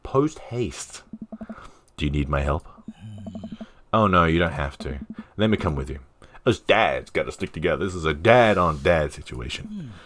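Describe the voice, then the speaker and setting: Very deep-voiced man streaming a game. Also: lively intonation, normal speed, fairly bright tone, slight background noise. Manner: jokey, reads narration with asides. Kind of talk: casual let's play commentary, reading dialogue aloud.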